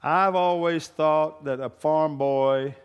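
A man's voice: steady tone, slow pace, smooth, highs cut off. Man preaching in a reverberant hall. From raised on a farm. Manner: builds from low conversational talk to loud preaching. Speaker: pastor. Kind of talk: sermon. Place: church hall. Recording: long reverb of a church hall.

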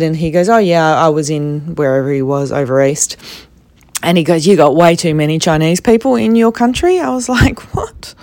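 Aussie girl chatting about her travels, low voice, dry close sound. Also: no echo. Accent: Australian. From Australia. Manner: chatty, animated when quoting others, soft when serious. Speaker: travel vlogger. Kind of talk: casual storytelling.

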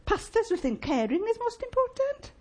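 A woman preaching a sermon in church, emphatic and lively, asking the congregation rhetorical questions. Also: very high voice, moderate pace.

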